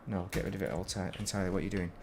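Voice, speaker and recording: A man's voice: low voice, rapid-fire, background noise. A man casually commentating while he plays a space game, rambling and breaking off mid-sentence. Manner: rambling, self-interrupting, chatty. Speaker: game streamer.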